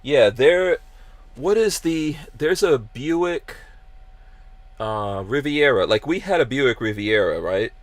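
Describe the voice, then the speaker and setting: A man's voice: medium pitch, lively intonation, no echo. A man hosting a casual podcast, reading out live chat comments with lots of fillers and restarts. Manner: halting, many fillers and restarts. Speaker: podcast host.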